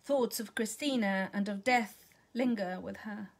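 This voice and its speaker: A woman reading a literary short story aloud in a measured, calm manner. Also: mid-range voice, creaky. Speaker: reader.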